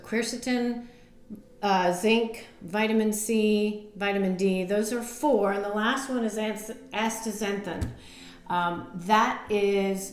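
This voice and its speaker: A woman nutrition coach chats to camera about health, loose and talkative, with plenty of ums and self-deprecating laughs. Her voice sits at a middling pitch. The room around her rings with echo. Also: a little mellow. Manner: chatty, many fillers, laughs at herself. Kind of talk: casual on-camera health advice. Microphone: camera mic.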